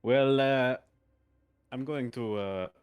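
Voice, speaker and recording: A man's voice: mid-range voice, slow, smooth, no room sound. A man asking hesitant questions as a player in a tabletop game.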